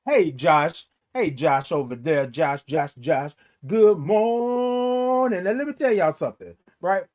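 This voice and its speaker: A lively man with a high voice sings out greetings to live viewers while hosting a morning livestream show. He's animated, breaking into snatches of song and drawing out his hellos in casual chat.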